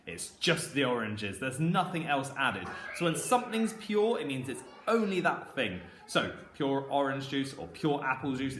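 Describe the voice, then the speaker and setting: A southern English man teaches primary-school phonics in a bright, sing-song voice that swoops up and down. He sounds like he is in an echoey room, with a faint hum of ambience behind him. He throws in playful asides as he goes. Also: medium pitch. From southern England. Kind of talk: phonics lesson for children.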